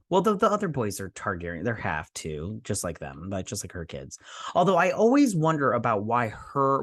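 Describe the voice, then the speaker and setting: A man's voice: mid-range voice, fairly bright tone, no room sound, studio quality. A man hosting a TV review channel, talking casually to his viewers with lots of fillers and self-corrections. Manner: chatty, addresses viewers directly. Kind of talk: casual spoken episode review.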